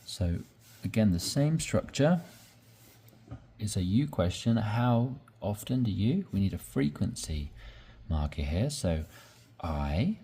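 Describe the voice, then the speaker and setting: Slow, deep-voiced man teaching English. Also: very animated, mellow, breathy edge. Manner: slow and deliberate, often checking in with "right?". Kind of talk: explaining grammar step by step.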